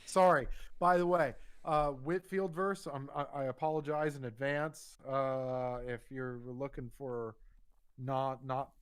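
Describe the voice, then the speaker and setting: A young man co-hosting a podcast, telling a rambling, profane story and getting animated when he quotes himself. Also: mid-range voice, a little slow, smooth, no echo. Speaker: podcast co-host. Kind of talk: casual storytelling.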